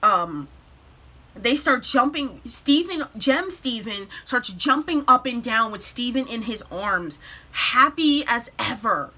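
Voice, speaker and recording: Tearful, excitable young woman recapping a show. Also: on the high side. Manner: tearful, breaks off to compose herself; animated retelling with quick bursts. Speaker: vlogger.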